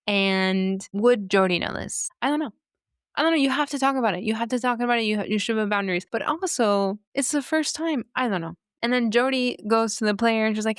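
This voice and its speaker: A woman's voice: mid-range voice, normal speed, clear, resonant tone, no room sound, studio quality. A woman hosting a podcast, talking casually and sarcastically with rhetorical asides. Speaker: podcast host. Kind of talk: casual commentary.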